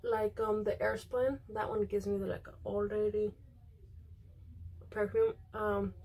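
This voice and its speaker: A young woman chats casually while she does her makeup. She rambles with plenty of ums and likes and keeps slipping into quoting other people. Her pitch sits at an ordinary middle height. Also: level tone, slow, darkish tone, breathy edge. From Mexican. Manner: rambling, many fillers, quotes others. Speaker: beauty vlogger.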